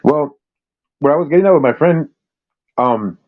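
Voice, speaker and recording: A man in casual chat who talks haltingly, full of restarts and fillers. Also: on the high side, lively intonation, narrow, tinny audio. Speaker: panel participant.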